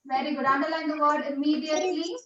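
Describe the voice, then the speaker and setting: A woman's voice: sits high, fairly even intonation, fast, muffled recording, a crowd in the background. A woman teaching young pupils in a classroom, repeating instructions and spelling words out letter by letter. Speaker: primary school teacher. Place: classroom with a board. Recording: echoey room with loud background noise and clicks.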